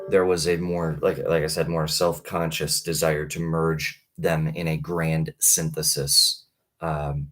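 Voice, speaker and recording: A man in his thirties talking casually on a live stream, rambling with many halting restarts. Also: extremely low pitch, fairly bright tone. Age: 30s. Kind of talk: casual livestream talk.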